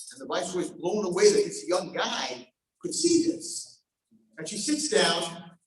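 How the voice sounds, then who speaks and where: Male preacher, high voice, heard from far off in a very echoey hall; dramatic storyteller. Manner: acts out voices, swings from hushed to shouting. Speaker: daf yomi teacher. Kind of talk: sermon storytelling.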